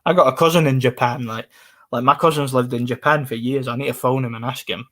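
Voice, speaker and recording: A man's voice: medium pitch, fairly even intonation, fast talker, sharp tone, a little hiss or hum. A man, casually chatting on a live stream and answering comments in a rambling way. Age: 20s.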